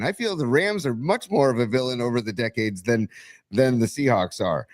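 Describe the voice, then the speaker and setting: A man co-hosting a sports talk stream, halting and trailing off, then bursting into excited rants. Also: mid-range voice. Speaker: podcast co-host. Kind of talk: casual sports chat.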